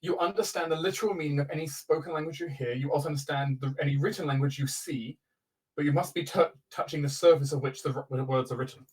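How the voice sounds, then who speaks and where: Guy running a tabletop game, breathy voice, pitch a bit up, reads rules and scenes steady. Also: low-quality recording. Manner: measured narration with small restarts. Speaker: dungeon master.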